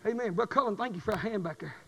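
A middle-aged man preaching a sermon, swinging from quiet testimony to shouted fervor. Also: sits high, very fast, creaky, long reverb tail.

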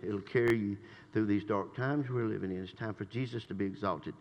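An older man preaching a sermon in a church. He swings between shouted praise and low, conversational asides. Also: fairly quick, dull audio. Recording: long reverb in a church hall.

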